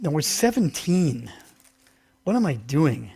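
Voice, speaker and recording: A man's voice: a little high, sing-song, slow pace, creaky, mellow, slightly rough. A male pastor giving a casual, interactive sermon in a church, chatty and self-deprecating, acting out a Bible story with volunteers. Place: church sanctuary.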